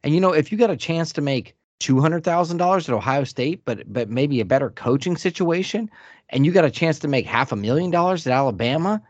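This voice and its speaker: A blunt, animated man argues about college sports in casual chat, his pitch swinging widely as he talks. The recording sounds dull and lo-fi, and the room is dead dry. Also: a little fast, dry recording. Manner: blunt, animated, says "dude" often.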